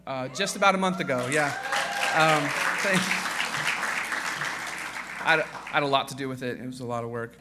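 Bright-voiced man preaching a sermon. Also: slight background noise. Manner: casual, joking, with frequent fillers and restarts; quieter and lower in prayer. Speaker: guest pastor.

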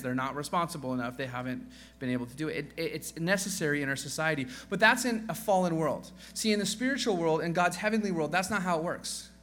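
Bright-voiced male pastor, conversational sermon. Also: fairly high pitch. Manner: conversational, acts out quoted voices; self-deprecating joking asides.

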